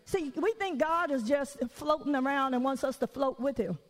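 Speaking at a normal speed in a high-pitched voice, a middle-aged woman preaches in a large hall. Her sermon is chatty and story-driven, with quoted voices acted out and joking side comments.

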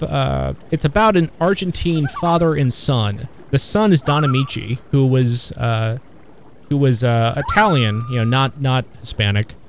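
A man in casual conversation about old films, talking in a halting, rambling way with many fillers and restarts. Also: on the high side, slight background noise. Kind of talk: casual film discussion.

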